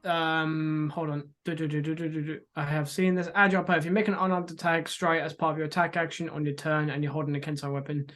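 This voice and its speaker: A player in a tabletop game, hesitant and halting while reading rules and asking the game master questions. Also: medium pitch, little pitch movement, a bit bright. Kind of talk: casual tabletop game play.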